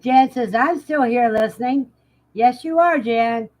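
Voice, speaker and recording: Slow, chatty woman host. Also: fairly high pitch, a little mellow, poor audio. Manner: unhurried, chatty, laughs often. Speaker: livestream host. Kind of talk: casual chat, reading out live comments.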